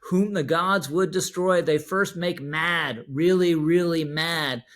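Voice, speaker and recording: A man's voice: fairly high pitch, slow, fairly bright tone. A man delivering political opinion commentary in a wry, emphatic way.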